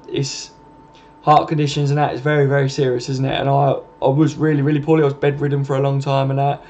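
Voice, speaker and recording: A man's voice: mid-range voice, darkish tone. A man with a southern English accent hosting a casual live stream, rambling in a matey way as he answers viewers' comments. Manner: rambling and matey, keeps adding "and that" and "mate". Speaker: live-stream channel host.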